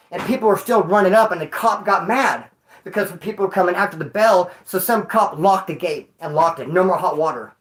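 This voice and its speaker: A man's voice: high voice, poor audio. Rambling, slangy man telling a story. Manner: rambling, slangy, swears freely; jumps between loud bursts and mutters. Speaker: livestreamer. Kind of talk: casual storytelling to a live chat.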